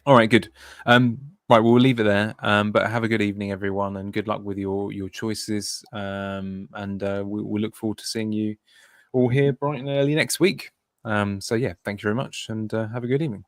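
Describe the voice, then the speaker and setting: Low-voiced man, halting podcast chat. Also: steady tone, dry recording, clean studio sound. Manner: hesitant, filler-heavy wrap-up patter. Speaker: podcast co-host. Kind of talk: casual chat.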